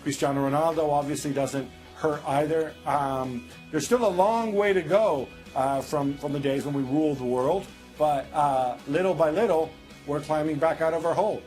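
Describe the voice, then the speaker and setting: A thoughtful male pundit on a football panel, weighing his words with pauses and fillers. His voice sits slightly high. Faint music plays behind him. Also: a little mellow. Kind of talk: studio analysis.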